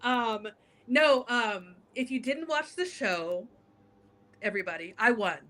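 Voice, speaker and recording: Bright, animated woman telling a story. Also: fairly high pitch, a little slow. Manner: animated, acts out quotes, laughs often. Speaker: guest, drag king entertainer. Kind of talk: casual storytelling chat.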